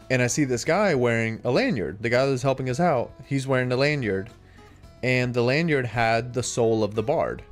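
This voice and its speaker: Casual young guy streaming a game, mid-range voice, talks through his play with quick reactions over quiet music. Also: mid-range voice. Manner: chatty, easygoing, reacts aloud to gameplay. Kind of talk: casual live-stream chat while gaming.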